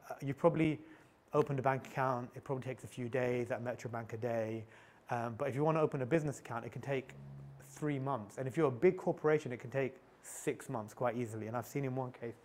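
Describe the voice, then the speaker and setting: A middle-aged man giving a candid, anecdote-filled talk at a tech meetup, often restarting and repeating words as he goes. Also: mid-range voice. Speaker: conference speaker.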